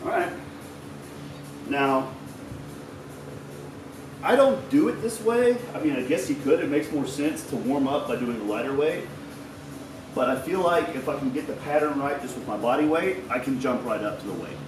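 A man's voice: mid-range voice, expressive, normal speed, pauses often, over music. A man talking casually through his stretching routine, loose and chatty and swearing at times, a little out of breath. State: slightly out of breath. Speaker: fitness vlogger. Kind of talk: casual instructional talk. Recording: echoey room, mic at a distance.

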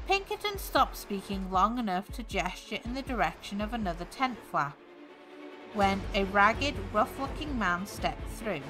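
A woman streamer reading a horror story aloud in an expressive storytelling manner. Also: medium pitch, normal speed, music in the background, low-quality recording.

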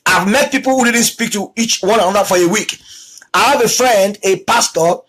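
A preacher giving a talk on abuse in marriage, repeating key lines for emphasis and acting out quoted spouses in a lower voice. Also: normal speed, fairly bright tone, husky, low-quality recording. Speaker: teacher on marriage.

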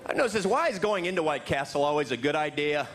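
Middle-aged male comedian, lively stand-up delivery, recorded live with a noisy laughing crowd. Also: fast talker. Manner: animated, jumps into high silly voices for bits. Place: comedy club stage. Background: audience laughter.

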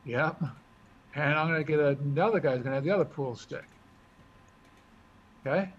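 A man talking through his moves as he explains a board game, thinking out loud in a casual way. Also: fairly high pitch, normal speed. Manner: chatty, thinks aloud while moving pieces. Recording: dull lo-fi recording with faint hiss.

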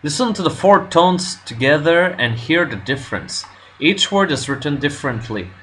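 A man working through a language lesson on his own, nervous and unsure of himself, pausing often with fillers. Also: a little high, big pitch swings, sharp tone, slight background noise. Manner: nervous, self-doubting, halting with fillers. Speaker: language learner vlogger. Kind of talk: casual self-recorded lesson commentary.

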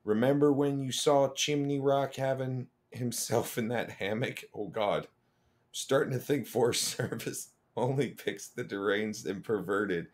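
A man's voice: mid-range voice, unhurried, darkish tone, natural voice. A man putting on a drawling Southern ranger. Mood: joking. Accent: Southern US, put on. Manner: drawling, jokey letter reading. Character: rowdy male forest ranger writing letters.

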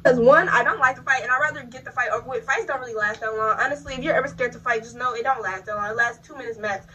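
A young woman tells a story in a high, bright voice at a racing clip, animated and loose with her swearing. She talks straight to her viewers in casual storytime style. Her voice sits a little back from the mic. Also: very fast, recorded from a distance, low-quality recording. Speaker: vlogger. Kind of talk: casual storytime while installing a wig.

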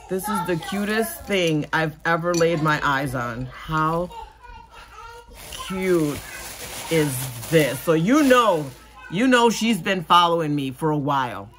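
Gushing woman vlogger, slow and low. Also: noisy background. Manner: gushing, gasps and squeals when delighted. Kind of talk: casual unboxing chat.

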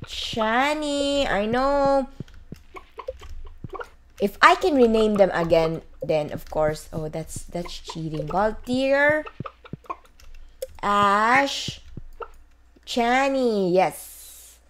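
Slow, lively-voiced woman gaming host. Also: mid-range voice, slight background noise. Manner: chatty, talks to herself and viewers while playing. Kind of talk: casual let's-play commentary. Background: faint game music.

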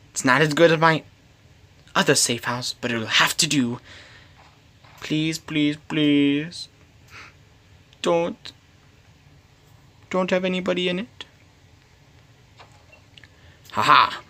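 A man's voice: mid-range voice, pushed and bright. A man giving solo gameplay commentary, talking to himself in a pleading, playful way. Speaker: gamer.

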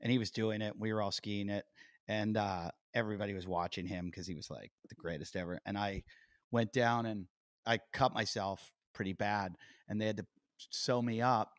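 Animated male podcast host, dry close mic. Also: lowish voice, normal speed, dry recording. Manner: animated storyteller, acts out quotes loudly. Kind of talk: casual interview chat.

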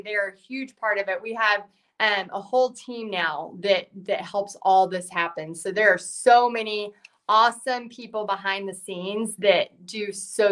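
Bright-voiced woman hosting a live stream. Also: mid-range voice. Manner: chatty, reads out viewer comments, many fillers. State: hoarse, losing her voice. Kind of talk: casual live-stream chat.

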